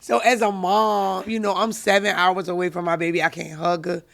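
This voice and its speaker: A woman's voice: fairly low pitch, flat delivery, normal speed, creaky, a bit bright. A middle-aged mother, telling stories in a dramatic, casual way. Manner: dramatic storyteller, acts out quotes. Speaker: guest, mother. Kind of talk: casual chat.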